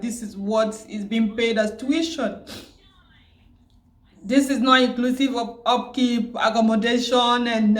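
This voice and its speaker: A tearful, grieving woman who keeps repeating herself and pausing, vlogging about her loss. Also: a little high, roomy sound. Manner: grieving, repetitive, pausing often. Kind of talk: emotional personal vlog.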